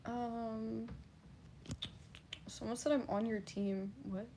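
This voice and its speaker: Gravelly-voiced woman streamer. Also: a little high, little pitch movement, slow pace, warm tone, slight background noise. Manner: blunt, laughing, swears freely. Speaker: livestreamer. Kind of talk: casual livestream chat reading.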